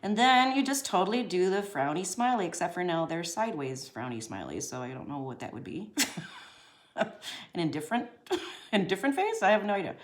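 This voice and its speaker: A woman's voice: on the low side, expressive, brisk, echoey room. A woman giving a casual drawing lesson as she sketches. She talks in a chatty, slangy way and laughs often. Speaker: drawing teacher.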